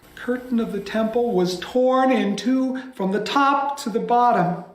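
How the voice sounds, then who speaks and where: A man, a pastor, telling a scripture story by heart with dramatic delivery, dropping some lines to a hushed whisper. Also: very high-pitched, a little slow. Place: church. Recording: echoey church room.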